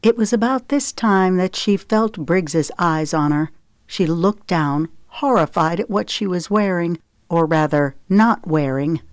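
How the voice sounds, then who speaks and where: A woman narrating an audiobook in a measured, expressive reading voice. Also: fairly low pitch, no room sound, studio quality.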